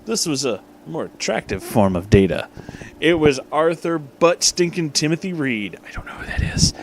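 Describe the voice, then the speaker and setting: A man's voice: on the high side, big pitch swings, moderate pace, a little hiss or hum. A young man comically reading a story aloud, swearing freely and breaking off for joking asides. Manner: irreverent, swearing, frequently breaking off to joke. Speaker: fan-fiction reader.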